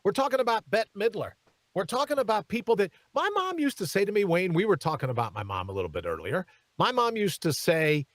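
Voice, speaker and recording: Lively high-voiced male radio host. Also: fairly quick, no room sound. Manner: animated and emphatic, talks to his co-host. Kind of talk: talk radio commentary. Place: radio studio.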